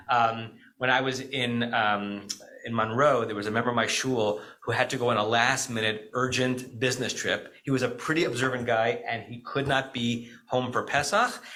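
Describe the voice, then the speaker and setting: A middle-aged American rabbi gives a Shabbat teaching in a bright, forceful voice at a middle pitch. He talks conversationally, often stopping to check in with "right?" and correcting himself mid-sentence. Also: poor audio. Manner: conversational, frequent "right?" asides and self-corrections.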